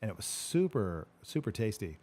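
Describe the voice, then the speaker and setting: A man with a mellow, fairly low, sing-song voice tells a loose story at a normal pace while hosting a casual chat and answering live questions. He rambles, laughs a lot and swears without a second thought.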